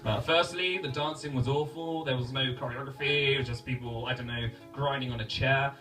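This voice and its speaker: A man's voice: mid-range voice, fairly even intonation, a little fast, recorded from a distance, music in the background, poor audio. A man doing a stand-up comedy set, self-mocking and stumbling over his words as he rambles. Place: comedy club stage.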